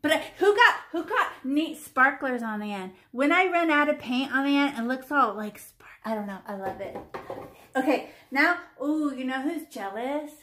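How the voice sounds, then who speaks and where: A woman's voice: high-pitched, animated, moderate pace, bright, forceful tone, reverberant. A woman in her fifties teaching children to paint, playful and chatty, teasing the class and talking to herself as she works. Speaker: art teacher.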